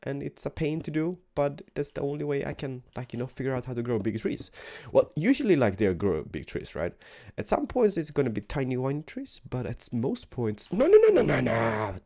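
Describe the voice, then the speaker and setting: A man's voice: mid-range voice, sing-song, brisk, mellow. A young man giving rambling, casual gameplay commentary in a tired morning voice, repeating words and sometimes dropping to a whisper. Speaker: gaming video host.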